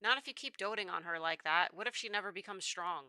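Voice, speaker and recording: Young mother, affectionate and teasing, voiced by a woman, bright tone. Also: lowish voice, quick pace, no echo.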